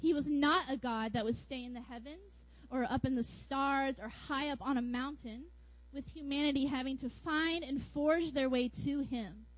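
A woman preaching a sermon in a playful, animated way, with jokes and acted-out asides. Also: sits high, normal speed, no echo, lo-fi sound.

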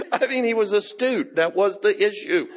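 A middle-aged man pastor preaching a sermon, telling a personal story with laughs and bursts of shouting. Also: high-pitched, normal speed, slight background noise. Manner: animated storytelling, laughing, shouting in retold moments.

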